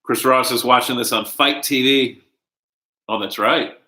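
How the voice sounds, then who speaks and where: Profane, excitable man in an echoey room. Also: mid-range voice, a little slow. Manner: loose and profane. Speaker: podcast host. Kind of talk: casual watch-along chat.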